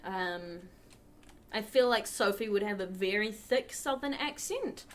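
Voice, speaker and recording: Hosting a charity livestream, this woman plays a computer game and chats casually with her viewers, giving relaxed gameplay commentary. Her medium-pitched voice has lively intonation and a measured pace.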